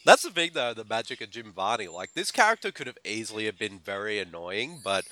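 A man's voice: on the low side, sing-song, brisk, sharp tone, no room sound. A man co-hosting a casual podcast about films, laughing often as he talks. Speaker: podcast co-host. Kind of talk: casual chat about movies.

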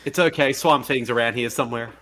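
A man's voice: mid-range voice, fast talker, fairly bright tone. A man co-hosting a casual movie podcast, jokey and laughing often. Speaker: podcast co-host.

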